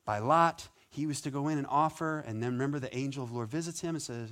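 A man preaching a sermon as pastor, conversational and animated, with playful asides. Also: mid-range voice, fast talker, few pauses.

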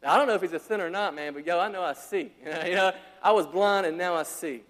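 A man's voice: sits high, fast, fairly bright tone. A man preaching a sermon, acting out the people in his story and dropping casual slang asides. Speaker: pastor. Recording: long hall reverb.

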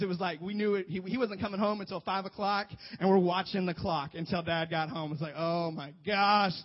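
Man, youth pastor, earnest emphatic sermon, slightly high voice, dull lo-fi recording. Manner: earnest, emphatic, joking asides. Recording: dull lo-fi sound.

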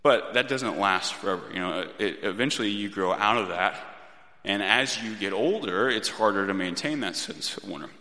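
A man in his thirties preaching a sermon in a gentle, reflective way, often restarting his phrases. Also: lowish voice, normal speed. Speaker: pastor. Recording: long reverb of a church hall.

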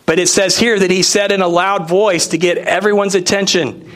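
A male pastor delivering a sermon with a slightly high voice. He talks like he is telling a story to friends, loose and conversational, and keeps throwing rhetorical questions at his listeners. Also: steady tone, normal speed, a bit bright.

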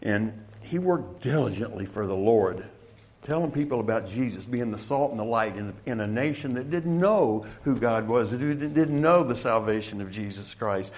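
A middle-aged male pastor preaching a sermon, swinging from loud, emphatic calls to the congregation to quiet, hushed storytelling. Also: mid-range voice, animated, normal speed.

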